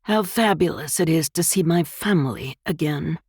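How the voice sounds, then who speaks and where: A woman's voice: sits low, normal speed, a little mellow, breathy edge, dry recording, clean studio sound. A woman voicing a vain, glamorous young widow who speaks with showy sarcasm. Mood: sarcastic.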